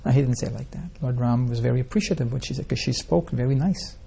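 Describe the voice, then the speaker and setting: A man's voice: mid-range voice, fast talker, gravelly, warm tone, slightly rough. A man teaching an informal scripture class, telling stories in a rambling way and asking the listeners rhetorical questions. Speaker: spiritual teacher.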